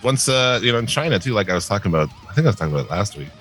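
A man with a deep, bright voice co-hosts a podcast, talking loosely and sarcastically with plenty of swearing. Faint music sits in the background. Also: sing-song, racing. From northern United States. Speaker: podcast co-host. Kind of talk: casual profane podcast chat.

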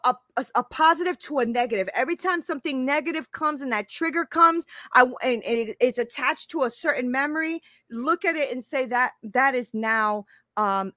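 A woman's voice: fairly high pitch, bright, forceful tone, dry recording. A woman in her fifties, a life coach talking casually to a live-stream audience, emphatic and repeating her phrases, often checking in with "right?". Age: 50s.

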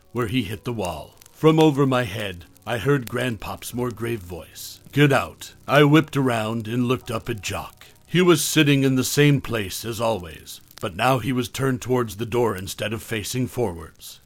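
A man's voice: medium pitch, no room sound. Dry-voiced man narrating a horror tale. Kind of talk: first-person horror narration.

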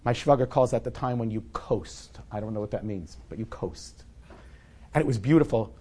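A man's voice: mid-range voice, moderate pace, warm tone. A man in his forties telling a personal story to a live audience in a candid, conversational, self-deprecating way. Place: event hall with a live audience.

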